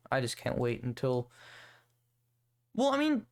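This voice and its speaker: A man's voice: medium pitch, sing-song, unhurried, smooth. A young man hosting a solo podcast, rambling and swearing in a sarcastic, casual rant. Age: young adult. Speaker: podcast host.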